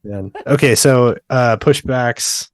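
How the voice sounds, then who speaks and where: A man's voice: medium pitch, slow pace, dry recording, clean studio sound. A man co-hosting a casual book discussion podcast, easygoing, laughing often and backing up his co-host.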